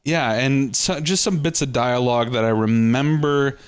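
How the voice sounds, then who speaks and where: Podcast guy with a smooth voice, lots of ums and uhs, chatting about a movie. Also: medium pitch, normal speed. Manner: hesitant, many fillers, searches notes while talking. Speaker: podcast co-host. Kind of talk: casual chat about a film.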